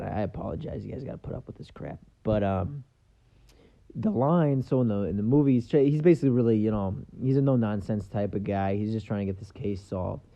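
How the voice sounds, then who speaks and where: A man hosts his own podcast in a casual solo monologue, talking loosely and offhandedly with plenty of fillers. His voice sits on the low side and sounds mellow, with the highs cut off.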